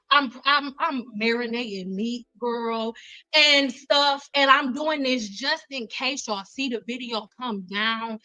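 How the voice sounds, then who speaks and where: A woman's voice: high voice, bright, forceful tone, dry recording, poor audio. A woman talking intensely in a heated livestream monologue, emphatic and repeating herself. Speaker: YouTuber, spiritual coach.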